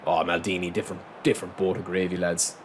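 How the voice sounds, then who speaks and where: A man giving excitable live commentary on his own football video game, reacting aloud and calling his viewers lads. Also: low-pitched, fast talker. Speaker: gaming channel host. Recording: noisy game sound mix.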